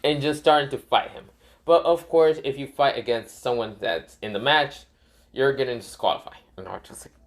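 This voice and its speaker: A man's voice: mid-range voice, normal speed. A man casually retelling a fan story, rambling with many fillers and self-corrections.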